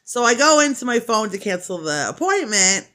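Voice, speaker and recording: A woman's voice: fairly high pitch, sing-song, normal speed, fairly bright tone. A middle-aged woman vlogging while she crochets, telling a long story in a rambling, chatty way and laughing often. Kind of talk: casual storytelling chat.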